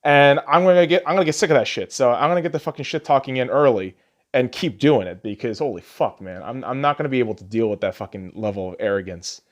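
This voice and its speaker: A man's voice: medium pitch, fast talker, dull audio. A man hosting a podcast, ranting casually about football, swearing constantly and laughing at his own sarcastic jabs. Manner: rambling with restarts, gets loud when ranting. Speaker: podcast host. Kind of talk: casual profane football rant.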